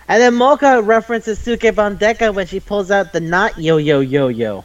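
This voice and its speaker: Excitable foul-mouthed man, muffled audio. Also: sits high, moderate pace, hardly any pauses. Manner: excitable, profane storytelling. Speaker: anime podcast co-host. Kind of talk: casual chat. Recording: dull lo-fi audio.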